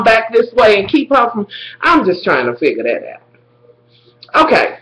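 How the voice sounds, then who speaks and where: This casual video features a woman recapping a TV drama episode, talking directly to viewers with plenty of animation and swearing. Her mid-range voice is bright and a little sharp, her pace is measured with long pauses, and the room echoes.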